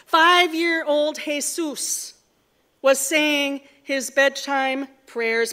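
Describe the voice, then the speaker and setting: Woman, preacher, sermon, earnest storytelling, high voice, unhurried delivery. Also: a bit bright. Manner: measured, earnest storytelling that ends in prayer.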